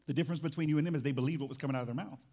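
Man, pastor, church sermon, fairly high pitch, animated, playful, sometimes off mic. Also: racing. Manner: animated, jokey, shifts from loud excitement to quiet emphasis. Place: church sanctuary.

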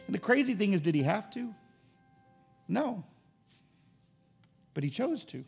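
A man's voice: high voice, sing-song, unhurried, creaky, darkish tone, soft background music. A man preaching a sermon as pastor, rising into emphatic bursts.

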